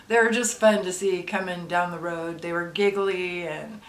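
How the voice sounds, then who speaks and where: Older mom, vlog storyteller, soft and halting, slightly low voice, distant mic in a roomy space. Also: female voice, fairly even intonation. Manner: soft, halting, with many ums and restarts, emotional. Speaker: vlogger, mother of an addict. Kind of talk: personal storytelling to camera. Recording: roomy echo, distant from the mic, faint ambient noise.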